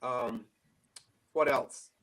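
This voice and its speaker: A man's voice: medium pitch, fairly even intonation, drawn-out words, fairly bright tone. A man on a panel launching into an exasperated rant in a casual chat. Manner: ranting, exasperated.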